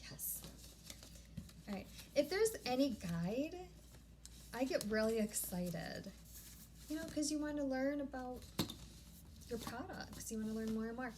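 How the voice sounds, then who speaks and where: Gushing, excitable woman vlogger. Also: high voice, unhurried, pauses often, slight background noise. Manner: gushing, easily excited, self-interrupting. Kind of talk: casual unboxing chat. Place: home room.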